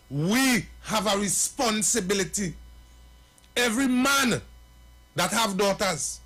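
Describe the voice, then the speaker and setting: A man's voice: high voice, animated, takes it slowly, long pauses, bright, forceful tone. A man with a Trinidadian accent hosting a talk show, speaking in a preachy, impassioned way and addressing the viewers directly with repeated phrases.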